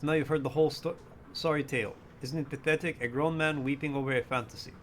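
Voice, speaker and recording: Man playing a drunk, bitter grieving dad; gruff, worn, game voice. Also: fairly high pitch, steady tone, fast talker, a little hiss or hum, close to an everyday voice. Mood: bitter weary. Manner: gruff, slurring and self-pitying. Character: bitter middle-aged grieving father, heavy drinker.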